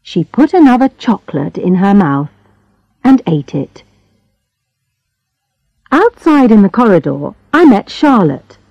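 A woman narrating a storybook in a calm, measured reading for learners. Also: medium pitch, gravelly, no echo. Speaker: audiobook narrator. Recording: slightly muffled dry recording.

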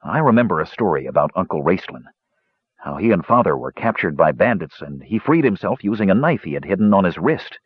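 A man's voice: low voice, sing-song, a little fast, breathy edge, no room sound, exaggerated voice. A man doing a subdued, miserable young brother. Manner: weak, subdued, wry. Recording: dull lo-fi recording.

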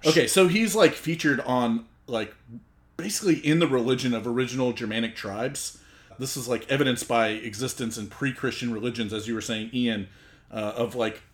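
Man casually retelling myths. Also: medium pitch. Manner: profane, loose retelling of myths. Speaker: podcast host. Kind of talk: casual podcast chat.

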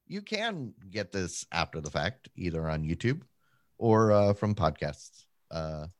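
Deep dude rambling on a podcast, jokey and self-deprecating, dry sound. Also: male voice, no echo. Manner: rambling, self-deprecating, quick pitch jumps. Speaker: podcast co-host. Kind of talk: casual chat.

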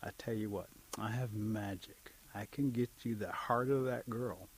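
A man's voice: on the low side, normal speed, breathy edge. A man voicing a grumpy, sleepy male mole with magic powers in a folk tale.

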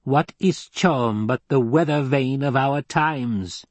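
Old lady done by a guy reading aloud, cold and sneering, snaps at people, kinda husky, dry sound. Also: mid-range voice, slow, dry recording, voice pushed up. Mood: cold, scolding. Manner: snappish, sneering, demanding. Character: stern old woman, a scheming sisterhood leader. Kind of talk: audiobook character reading.

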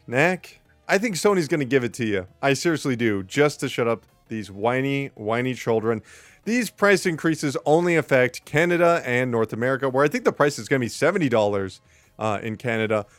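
A man's voice: on the high side, no room sound. A man hosting a gaming news podcast, reading release lists and ranting with sarcastic, mock-dramatic outrage. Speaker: podcast host.

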